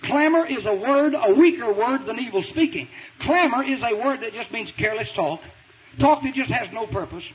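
A man preaching a sermon in a folksy, emphatic way, pushing into shouts, heard over a tinny radio broadcast. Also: very high voice, lively intonation, moderate pace, crowd noise. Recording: tinny phone-like radio broadcast with faint hiss.

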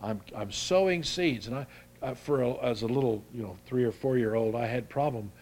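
A man's voice: mid-range voice, fairly even intonation, dark tone, a little hiss or hum. Folksy older man preaching a sermon. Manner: folksy, halting, with many restarts. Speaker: pastor.

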